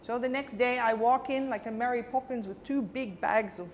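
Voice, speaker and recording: A woman's voice: fairly high pitch, moderate pace. A woman guest telling a personal story vividly and emotionally in a conversation, acting out the dialogue. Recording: long reverb with faint background noise.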